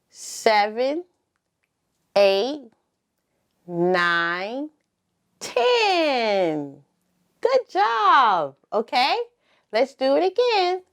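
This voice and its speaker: A woman teaching toddlers at circle time, speaking very slowly with long pauses between prompts. Her voice is fairly high and rises and falls in a lively, sing-song way as she encourages the children to repeat after her. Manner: slow, drawn-out prompting with call-and-response pauses. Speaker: preschool teacher.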